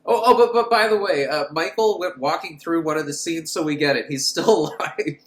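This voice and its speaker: A man's voice: a little high, fairly quick, echoey room. A man recapping a horror film in a crude, sarcastic way, laughing at his own jokes. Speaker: film reviewer. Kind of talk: casual comedic movie recap.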